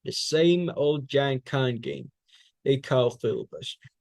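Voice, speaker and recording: A man's voice: mid-range voice, slow, gravelly, darkish tone, no echo. Man reciting a fiery political speech. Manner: fiery oratory with rhetorical questions and repetition. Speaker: public speaking student. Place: speech training class.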